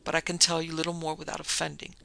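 A woman's voice: low-pitched, completely flat delivery, racing, vocal fry, pushed and bright, slight background noise, full character voice. A man voicing an anguished, pleading noblewoman. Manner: pleading, formal and tragic. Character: anguished noblewoman pleading with her old love.

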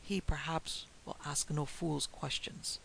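A man voicing an excitable little French detective with a French accent and an impetuous, exclamatory manner. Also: a little high, slow pace, vocal fry, slight background noise, exaggerated voice, rough recording. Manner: impetuous, exclamatory, formal phrasing.

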